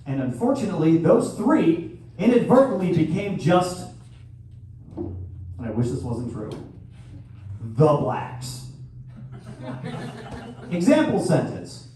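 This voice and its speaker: A man in his thirties doing a crude stand-up comedy set with sudden loud outbursts. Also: a little high, very animated, slow, long pauses. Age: 30s. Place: live venue hall. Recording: echoey hall from far off, faint noise.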